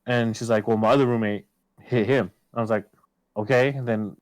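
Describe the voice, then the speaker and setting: A man's voice: medium pitch, steady tone, normal speed, no echo, rough recording. A man telling a personal story in casual podcast chat, swearing often and acting out his own past lines. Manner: swears a lot, quotes himself loudly.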